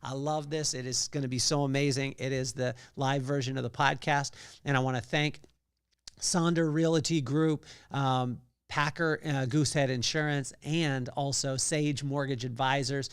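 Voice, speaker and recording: A man's voice: mid-range voice, steady tone, moderate pace, clean tone, no room sound, clean studio sound. A man hosting a solo podcast, telling a story with energy and acting out the quotes in other voices. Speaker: podcast host.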